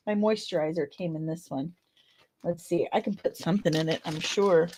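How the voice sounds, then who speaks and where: A woman in her forties with a Midwestern American accent, hosting a casual pop culture chat in an animated, ranting, jokey way. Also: mid-range voice, normal speed, no room sound, clean studio sound. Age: 40s. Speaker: pop culture news host.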